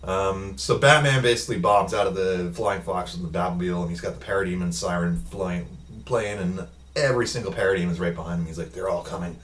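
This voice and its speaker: Low-voiced guy rambling through a movie recap, lots of ums, mic kinda far off. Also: quick pace, a bit bright. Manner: rambling, many ums and uhs, quotes the characters in his own voice. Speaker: film reviewer. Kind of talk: casual film review recap.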